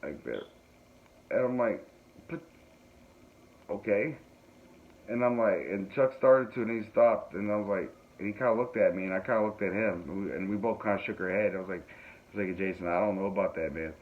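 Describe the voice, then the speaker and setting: With a fairly low voice, a moderate pace and long pauses, a man hosts a podcast and relates a wandering comic story. He laughs frequently and throws in self-mocking comments. Faint noise accompanies the tinny, phone-style audio.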